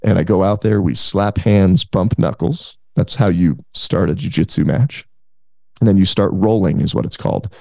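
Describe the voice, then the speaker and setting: A man's voice: low-pitched, vocal fry, no echo, clean studio sound. A man in his thirties, a podcast guest, telling a story in casual talk and acting out the voices of the people in it. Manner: animated, acts out quoted voices.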